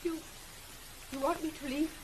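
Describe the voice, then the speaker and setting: An actress playing an earnest young governess in a 1950s television drama, polite and restrained, trembling when upset. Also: female voice, high-pitched, steady tone, moderate pace, slight background noise, lightly acted, poor audio. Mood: tender.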